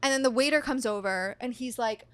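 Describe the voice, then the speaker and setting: Chatty higher-voiced woman in her thirties. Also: a little fast, dry recording. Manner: chatty, heavy use of "like", animated retelling. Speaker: podcast guest. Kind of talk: casual storytelling chat.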